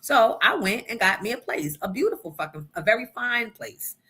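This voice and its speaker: A woman's voice: a little high, expressive, moderate pace, heavy background noise. A woman radio host telling a personal story in a brash, profane, emphatic way. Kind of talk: storytelling on a morning show.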